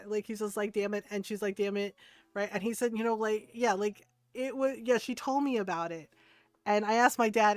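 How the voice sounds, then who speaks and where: A woman's voice: medium pitch, no echo. A woman game streamer chatting casually on a close desk mic, telling stories in a rambling way with many filler words and frequent laughs. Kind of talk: casual stream chat, storytelling.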